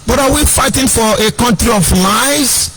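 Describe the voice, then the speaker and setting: A man's voice: very high voice, normal speed, a bit bright, slight background noise. A Nigerian man with a Nigerian accent giving an impassioned, sing-song political monologue as an online broadcaster. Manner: sing-song, preachy, repeats phrases.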